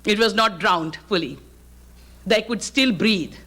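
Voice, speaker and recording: A woman's voice: medium pitch, unhurried, a bit bright. A woman from Fiji giving a live devotional sermon, telling stories and reciting Sanskrit verses. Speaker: spiritual preacher. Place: live talk to an audience.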